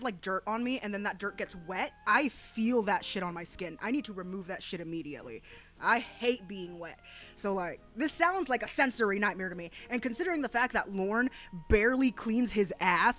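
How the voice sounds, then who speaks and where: Animated, swearing woman streamer. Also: medium pitch. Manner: profane, animated ranting with frequent laughter. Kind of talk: casual reaction commentary. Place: home, rural area.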